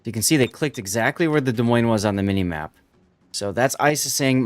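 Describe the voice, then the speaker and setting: A man's voice: medium pitch, animated, fairly quick, no echo, soft background music. Male streamer casting a match live, unpacking the tactics for viewers. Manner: explanatory, walks viewers through tactics. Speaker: streamer and tournament commentator. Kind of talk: live game commentary.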